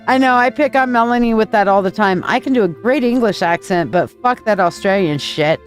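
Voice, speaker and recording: A woman's voice: mid-range voice, normal speed, faint music behind. A woman in her forties from the United States, a psychic reader chatting loosely with viewers on a live stream and swearing freely. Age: 40s. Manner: chatty, swearing, reading chat aloud.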